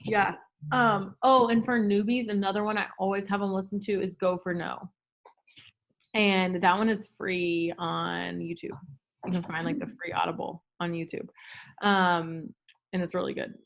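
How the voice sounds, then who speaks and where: Her voice is medium-pitched, creaky, and flat, moving at a moderate pace. As a guest in a casual Zoom chat, the woman is chatty and leans heavily on "like" and "um" fillers.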